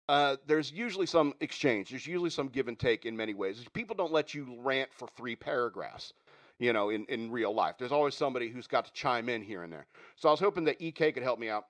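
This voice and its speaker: A man's voice: mid-range voice, a bit bright. A man hosting a radio show, chatting casually and rambling with frequent chuckles. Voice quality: chuckling, rambling, self-interrupting. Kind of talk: casual chat.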